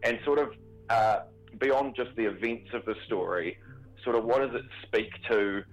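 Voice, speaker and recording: A man talking as a theatre performer on a radio interview, chatty and animated with plenty of fillers. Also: mid-range voice, moderate pace, lo-fi sound, faint music behind. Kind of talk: interview guest.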